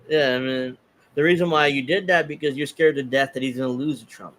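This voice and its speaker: Guy hosting a politics chat show, mocking and sarcastic, middle pitch. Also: steady tone, a little fast, a bit bright. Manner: sarcastic, reads tweets aloud in mocking voices. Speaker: podcast host. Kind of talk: casual political commentary.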